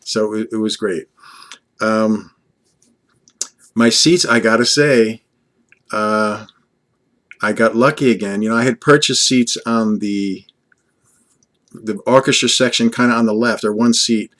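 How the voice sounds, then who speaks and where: A man's voice: fairly low pitch, fairly even intonation, a little slow, pauses often, fairly bright tone. An older man from Long Island talking earnestly and fondly in a rambling vlog monologue, addressing an unseen companion. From Long Island, USA. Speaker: vlogger.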